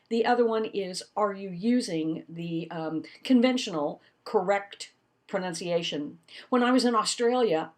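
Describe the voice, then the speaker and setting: A woman giving a recorded lecture as an instructor, animated and demonstrating points with her voice. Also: medium pitch.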